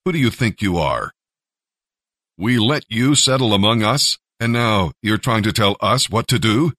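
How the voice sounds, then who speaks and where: A man's voice: fairly low pitch, animated, measured pace, bright, forceful tone, no room sound, clean studio sound, full character voice. A man voicing a hostile mob of angry men, aggressive and taunting.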